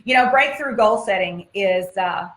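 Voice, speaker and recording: A woman's voice: medium pitch, animated, unhurried, a bit bright. Emphatic woman motivational speaker, roomy sound. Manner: emphatic, repetitive, exhortative. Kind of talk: motivational talk. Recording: roomy echo.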